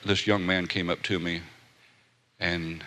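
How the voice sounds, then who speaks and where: A man's voice: sits low, little pitch movement, takes it slowly, bright, forceful tone. A man preaching a sermon in a folksy storytelling manner, with asides and rhetorical questions. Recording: echoey hall.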